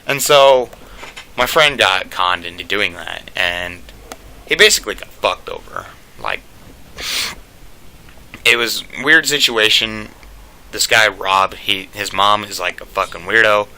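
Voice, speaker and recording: A man's voice: lowish voice, animated, measured pace, long pauses, pushed and bright. A young man telling a casual storytime rant, rambling and profane, packed with "like" fillers.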